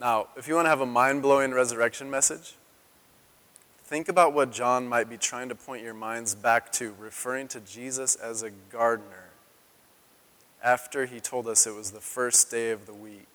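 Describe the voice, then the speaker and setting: A man in his thirties preaching a sermon as a pastor, telling the story in an animated way and acting out the quotes in a raised voice. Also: mid-range voice, normal speed. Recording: long hall reverb.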